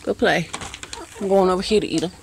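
A woman's voice: on the low side, a little fast, a little hiss or hum. A woman, playfully scolding and teasing her chickens in casual talk outdoors. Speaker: vlogger.

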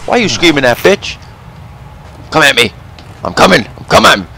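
Young male let's player, brash and foul-mouthed, very animated pitch. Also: moderate pace, vocal fry, a little hiss or hum. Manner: loud, profane, yelling at the game. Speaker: gameplay commentator. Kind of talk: let's play commentary.

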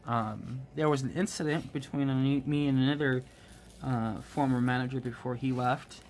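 A man chatting casually about his work as a restaurant manager, rambling with many ums and restarts and getting animated when he quotes people. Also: medium pitch, normal speed, a little hiss or hum. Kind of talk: casual storytelling while crafting.

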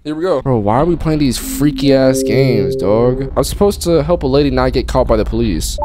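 A man giving live gameplay commentary on a horror game in casual slang. He is jumpy and excitable, and yelps when something startles him. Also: mid-range voice, moderate pace, noisy background. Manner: casual slang, calls the game bro and dog. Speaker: streamer playing a horror game. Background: game music.

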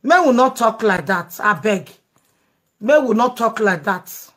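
A woman's voice: mid-range voice, expressive, unhurried, a bit bright. A Nigerian woman hosting a live show, taking calls and talking emphatically in pidgin. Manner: emphatic, pleading. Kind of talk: Pidgin live-stream chat with callers.

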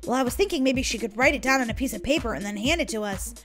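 A woman's voice: on the high side, expressive, rapid-fire, a bit bright, pitched below the performer's own voice. A woman voicing Molly, a bold, scheming young girl in a Roblox role-play story. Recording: music playing underneath.

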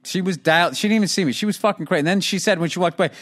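A middle-aged man hosting a podcast, telling a story in casual chat, animated and heavy on swearing. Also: sits high, very fast. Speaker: podcast host.

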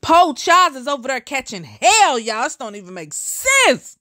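A woman's voice: high voice, very animated, moderate pace, bright, forceful tone. A woman giving teasing, mocking reaction commentary and talking straight to her viewers. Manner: sassy, teasing, talks to viewers as y'all.

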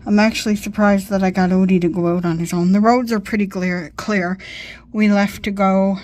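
A woman's voice: medium pitch, fairly even intonation, moderate pace, a little mellow. A tired woman chatting casually at her desk at home, rambling and getting sidetracked as a vlogger. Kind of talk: casual chat.

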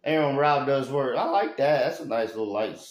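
A man's voice: medium pitch, fairly quick, highs cut off. Rambling handyman in an echoey room. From Alabama, US. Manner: rambling, folksy, swings into loud rants. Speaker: handyman vlogger. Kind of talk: casual vlog chat. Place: house under renovation, indoors.

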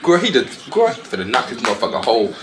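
A man doing loud, sassy reaction commentary, his voice leaping up into high squeals and dropping back down again. His pitch sits in a middling range but swings widely as he reacts. He talks in quick, exclamatory bursts. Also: huge pitch swings, reverberant, background noise. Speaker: reaction video host. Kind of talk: reaction commentary on fight highlights.

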